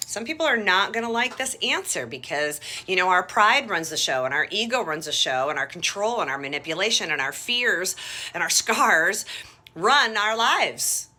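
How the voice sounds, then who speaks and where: Woman, devotional talk, earnest, encouraging, very lively pitch, bright voice. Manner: earnest, encouraging, addresses viewers as "you guys". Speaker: faith vlogger.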